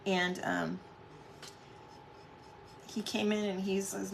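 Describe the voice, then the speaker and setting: A woman's voice: mid-range voice, flat delivery, slow pace, gravelly, a little hiss or hum. A middle-aged woman hosting a casual live craft stream at home, chatting with viewers and greeting them by name.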